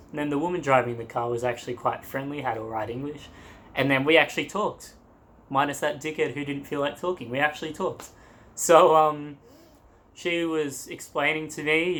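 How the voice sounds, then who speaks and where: A man's voice: a little high, fairly even intonation, normal speed, a bit bright. A young man in a travel vlog, telling a story to the camera in a loose, rambling way, with laughs and crude asides. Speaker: travel vlogger.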